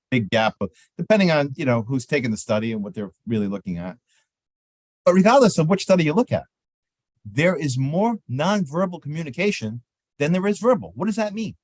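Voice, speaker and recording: A man teaches exhibitors how to work a trade show, his pitch swooping up and down as he acts out friendly exchanges with visitors. The sound is dry and close, with no room around it. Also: dry recording. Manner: animated, acts out sample exchanges in lively voices. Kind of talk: seminar talk on trade show etiquette.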